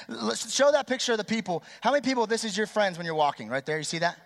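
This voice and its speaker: A young man in his twenties with a high voice gives a lively sermon to teenagers. He talks fast and loose and keeps asking the crowd to answer back. The sound rings on in a large church hall. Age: 20s. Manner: energetic, chatty, quizzes and polls the crowd. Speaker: youth pastor. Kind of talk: youth sermon. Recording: long hall reverb.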